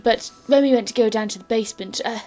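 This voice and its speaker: A woman's voice: fairly high pitch, fast talker, mellow, soft background music, close to an everyday voice. A woman voicing a young nobleman heir who speaks politely and hesitantly, with frequent stammers.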